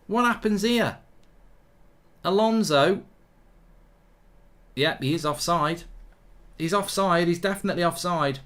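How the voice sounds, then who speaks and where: A man's voice: high voice, measured pace, pauses often, a bit bright. A man hosting a live football watchalong, chatting casually, reading viewer comments aloud and often repeating himself.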